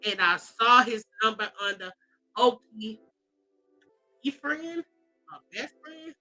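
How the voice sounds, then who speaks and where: A high, bright woman's voice, reading celebrity posts aloud and reacting with sass. She swings into mock wails and drawled asides as she comments. Faint music plays under her voice. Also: takes it slowly, poor audio. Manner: animated, sassy, mock-crying, drawling asides. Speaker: commentary host.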